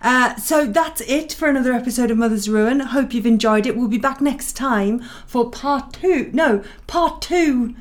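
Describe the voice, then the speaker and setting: A woman co-hosting a podcast in casual chat, brisk and upbeat as she steers the talk. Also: fairly high pitch. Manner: brisk, upbeat, wraps up the show. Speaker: podcast co-host.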